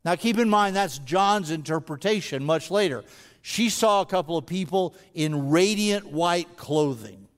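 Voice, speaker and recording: A male senior pastor preaching in a slightly higher voice, conversational and full of stammered restarts. His questions grow intense and pressing. The sound carries a long reverb from a large church sanctuary. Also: a little slow. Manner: rises to intense rhetorical questioning. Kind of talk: sermon.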